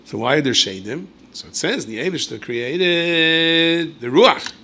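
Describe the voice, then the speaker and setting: A man, a rabbi, giving a storytelling Torah lecture in a conversational way with asides and self-corrections, and he jumps up in pitch and volume when acting out quotes. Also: unhurried. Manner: animated storyteller who leaps high and loud when acting out quoted speech.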